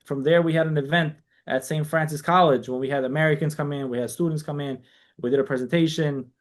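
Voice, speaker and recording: A man's voice: fairly high pitch, fast talker. A man who grew up in New York, a guest on a casual podcast interview, telling long stories and quoting people in dialogue. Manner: animated storyteller, quotes people in dialogue, frequent restarts. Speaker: guest, community organization founder.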